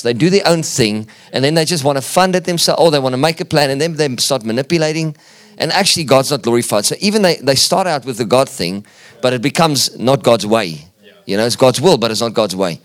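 A man's voice: mid-range voice, animated, fairly quick. A man on a church conference panel, earnestly giving advice. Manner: earnest, advising.

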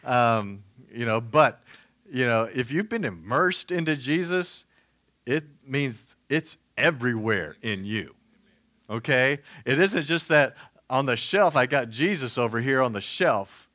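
A man's voice: mid-range voice, animated, a little slow, sharp tone, no echo. A man preaching a casual sermon, chatty and joking, full of fillers and asides. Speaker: pastor.

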